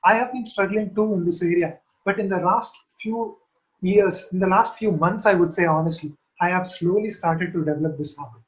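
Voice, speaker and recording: Earnest high-voiced man preaching. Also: moderate pace. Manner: earnest, repeats key phrases to exhort. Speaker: Christian teacher. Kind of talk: teaching sermon. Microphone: online call. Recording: dull lo-fi online session audio.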